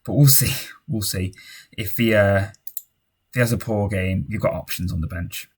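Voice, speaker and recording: A young man with a lowish, breathy-edged voice casually and unhurriedly commentates on his own football management game. He cheers and shouts when goals go in and mutters through the tense moments.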